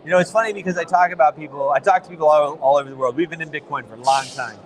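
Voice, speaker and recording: An enthusiastic American man conducts a casual interview at a crypto event's conference venue, talking rapid-fire and rambling somewhat. He has a fairly high pitch, and the audio is poor.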